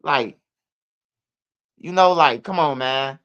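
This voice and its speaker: A man's voice: on the high side, normal speed, fairly bright tone, smooth, lo-fi sound. A man giving casual, rambling, profane commentary on street news.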